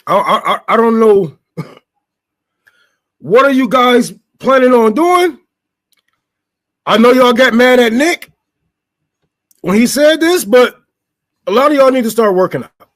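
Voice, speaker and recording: A man with a high voice rants straight to his audience. He fires off rhetorical questions, swears freely and stumbles over repeated words as he goes. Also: expressive, a little slow, long pauses, fairly bright tone. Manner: profane, stammering, rhetorical questions. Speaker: show host. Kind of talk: unscripted political rant.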